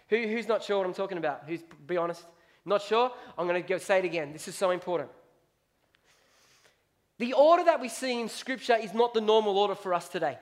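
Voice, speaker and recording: High-voiced emphatic preacher man. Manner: emphatic, repeating key lines, reading scripture aloud. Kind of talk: sermon.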